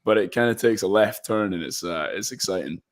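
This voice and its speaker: A man's voice: on the low side, brisk. A young man from Scotland, an actor chatting casually as an interview guest and rambling with fillers and restarts.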